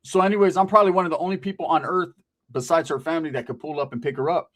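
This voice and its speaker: A man's voice: fairly high pitch, rapid-fire, a bit bright. A man from Central California telling a casual street story in a profane, streetwise way, often tagging lines with "right?".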